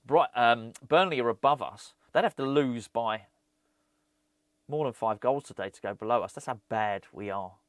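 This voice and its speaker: A man talking casually as a fan channel host, animated and ranting, often repeating words. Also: mid-range voice, normal speed, dry recording, clean studio sound. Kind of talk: casual football chat.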